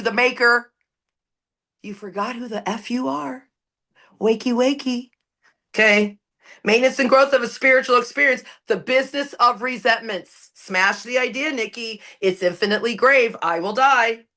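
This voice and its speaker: Bright, blunt woman sharing in recovery. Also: a little high. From Canada. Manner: emphatic, preachy, blunt and profane. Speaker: recovery meeting speaker. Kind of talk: impassioned share at a recovery meeting. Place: recorded at an online meeting.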